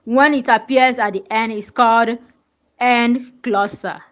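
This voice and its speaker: A woman's voice: on the high side, fairly even intonation, measured pace, lo-fi sound. A woman teaching a pronunciation lesson, repeating words and checking that learners follow. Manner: repetitive, checks understanding with questions.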